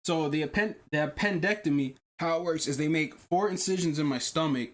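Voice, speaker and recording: A man hosting a podcast, telling a long personal story in casual chat, animated and profane, often repeating himself. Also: fairly high pitch, brisk. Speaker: podcast host.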